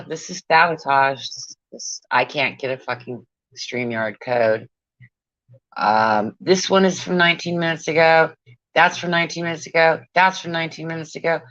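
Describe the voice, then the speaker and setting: A woman's voice: low-pitched, normal speed, fairly bright tone, dry recording. A woman on a casual livestream, profane and exasperated, muttering to herself as she goes. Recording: dull lo-fi sound.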